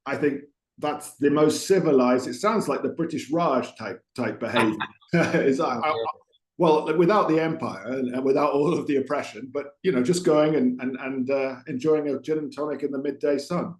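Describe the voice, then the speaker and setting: A man's voice: medium pitch, moderate pace. A man hosting a podcast interview, chatty and digressive with many fillers and restarts. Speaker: podcast host. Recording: roomy echo.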